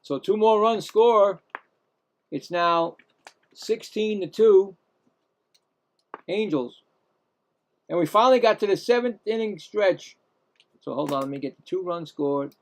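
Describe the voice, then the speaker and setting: A man's voice: high voice, animated, measured pace, long pauses. A man hosting casual live baseball play-by-play, rambling, self-mocking, and often stumbling and correcting himself. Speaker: play-by-play host.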